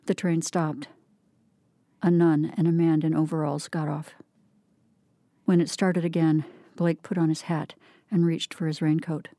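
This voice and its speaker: Low, mellow woman reading fiction. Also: no echo, clean studio sound. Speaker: reader. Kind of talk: literary reading.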